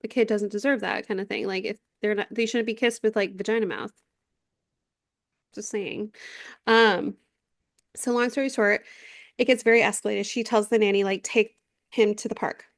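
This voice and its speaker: A woman in her thirties co-hosts a casual podcast, telling a long story with lively energy and free swearing. She slips into the voices of the people she quotes. Her sound is dry and close to the mic, with no room around it. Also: mid-range voice, normal speed, long pauses, no echo. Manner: animated storyteller, swears freely, acts out quotes. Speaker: podcast co-host. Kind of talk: casual chat recapping a reality show.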